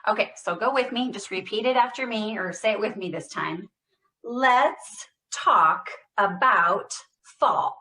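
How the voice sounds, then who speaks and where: A woman speech therapist leading a guided voice exercise class over a computer mic. She speaks deliberately, stresses every word and projects loudly when she models phrases. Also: mid-range voice. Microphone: computer mic on a video call.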